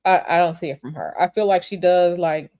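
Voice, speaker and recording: A woman reading tarot on a livestream, answering viewer questions in a blunt, animated, repetitive way. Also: on the low side, fairly quick. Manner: blunt, animated, repeats herself. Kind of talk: casual livestream chat.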